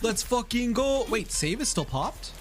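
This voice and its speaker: Excitable high-voiced male streamer. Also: measured pace, faint music behind. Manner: excitable, jokey, swears and laughs often. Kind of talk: casual live game commentary.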